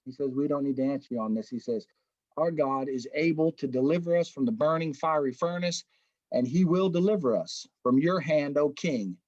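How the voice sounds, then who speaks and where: Folksy, fairly high-voiced man teaching Bible study. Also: normal speed, a little mellow, dry recording, lo-fi sound. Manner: folksy, keeps saying "man" and "right?".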